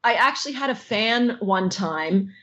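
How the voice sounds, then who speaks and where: A middle-aged woman from Canada, a voice actress guest telling stories in an interview, lively and laughing often. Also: a little slow. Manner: lively, laughs often, acts out quotes in high silly voices. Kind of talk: animated interview storytelling.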